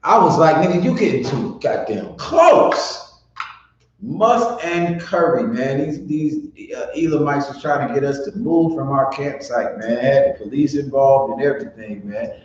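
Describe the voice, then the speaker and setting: A man's voice: mid-range voice, normal speed, darkish tone. A man leading a class in a blunt, profane, rambling way. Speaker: teacher. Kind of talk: casual spoken class. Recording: echoey room, dull lo-fi sound.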